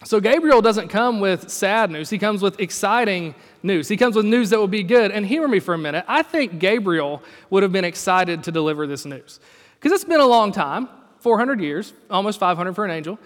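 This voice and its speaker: A man's voice: high-pitched, animated, moderate pace, big-room sound. A male pastor preaching a sermon in a conversational storytelling way. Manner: conversational, storytelling with acted quotes.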